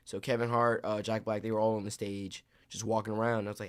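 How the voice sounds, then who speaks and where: Young male actor guest, lively storyteller who acts out quotes. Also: on the low side, quick pace. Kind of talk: casual interview storytelling.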